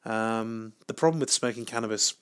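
Male podcast host, lowish voice, dry self-deprecating solo ramble, lots of false starts. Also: moderate pace, clean tone. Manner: deadpan, self-mocking, hesitant with many restarts. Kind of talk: rambling solo comic monologue.

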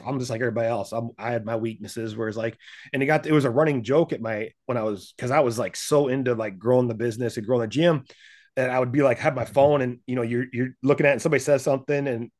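A man talking as a podcast guest in casual chat, lively and animated, acting out what other people say and laughing often. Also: medium pitch, fast. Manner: animated, acts out quoted voices, laughs often. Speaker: podcast guest, business and gym owner.

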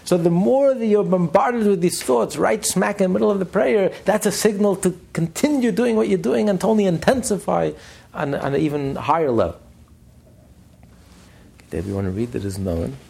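A man lecturing a study class, animated and emphatic, repeating phrases for stress. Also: sits high, normal speed, vocal fry, slightly rough. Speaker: Torah class teacher.

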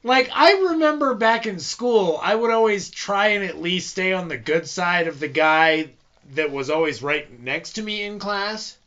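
A man co-hosting a casual comedic podcast, teasing his partner with wry, deadpan jabs. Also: sits high, measured pace. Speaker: podcast co-host. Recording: dull lo-fi audio.

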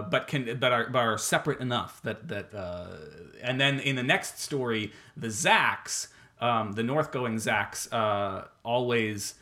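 A man's voice: medium pitch, sharp tone. A man and father, co-hosting a casual podcast chat and rambling with many fillers and restarts. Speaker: podcast co-host.

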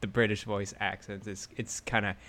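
A man co-hosting a gaming podcast, chatting casually and excitably, often trailing off mid-sentence. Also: on the low side, normal speed. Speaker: podcast co-host.

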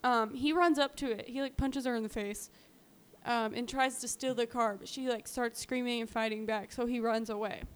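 A woman's voice: on the high side, fairly even intonation, normal speed, clean tone. A woman co-hosting a podcast, casually retelling a true-crime story with lots of fillers. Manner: chatty, lots of "um" and "like", acts out quotes. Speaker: podcast co-host.

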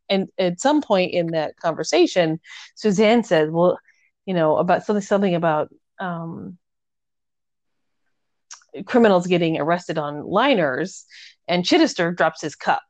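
A woman's voice: on the low side, lively intonation, a little slow, long pauses, a little mellow, no room sound. A woman in casual chat, animatedly retelling a novel's plot and acting out the characters' lines with filler words. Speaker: podcast co-host discussing a novel.

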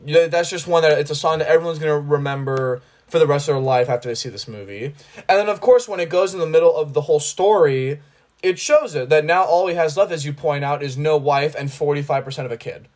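A man's voice: fairly high pitch, fast, darkish tone. A man hosting a podcast, chatting about a film in an enthusiastic, rambling way with many restarts. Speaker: podcast host. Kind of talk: casual film discussion.

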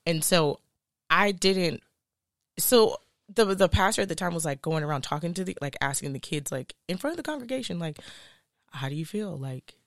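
A woman's voice: on the low side, lively intonation, normal speed, no room sound, studio quality. A woman co-hosting a casual chat podcast, telling stories playfully and laughing often. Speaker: podcast co-host.

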